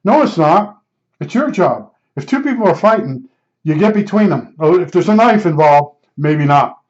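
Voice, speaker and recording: A man's voice: on the high side, animated, moderate pace, a little mellow. An older man telling a personal story in a casual, rambling way, blunt and emphatic, often repeating himself. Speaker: podcast storyteller. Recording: slightly dull lo-fi recording.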